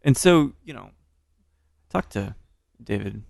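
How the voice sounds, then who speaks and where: Podcast host, gravelly low voice, affirming and upbeat interviewer. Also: male voice, expressive, slow pace, a little mellow, no room sound.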